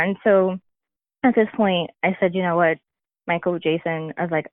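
A woman's voice: lowish voice, fairly even intonation, a little fast, no room sound. A woman speaking candidly and reflectively as a podcast guest, telling a personal story with occasional laughter. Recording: tinny phone-like line.

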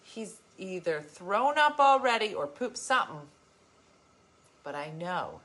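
A woman vlogger talks straight to her viewers in a casual, emphatic way. Her pitch swings widely as she tells her stories, and her tone is bright and forward. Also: takes it slowly. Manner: emphatic, animated storytelling. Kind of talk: casual chat to viewers, reading comments.

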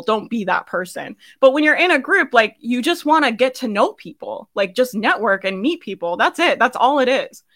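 A woman's voice: medium pitch, sharp tone. A young woman hosting a live business coaching session, talking casually and emphatically, often asking "right?" and laughing. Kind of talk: casual motivational coaching talk.

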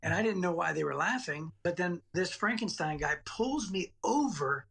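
A man in his late forties, appearing as a podcast guest, narrates a personal childhood story, meandering and repeating words as he goes. His high-sitting voice is expressive and fairly bright, with vocal fry, a breathy edge and a moderate pace.

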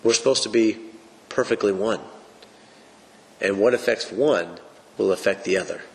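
A man's voice: fairly low pitch, normal speed, gravelly. A man teaching the Bible on a podcast, preaching in an emphatic, folksy way. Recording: long reverb.

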